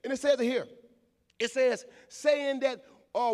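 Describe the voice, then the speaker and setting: Very high-voiced preacher in a reverberant church. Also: male voice, sing-song, unhurried. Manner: emphatic, repeats words, calls on the congregation. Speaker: pastor. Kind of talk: sermon. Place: church sanctuary. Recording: long hall reverb in a church.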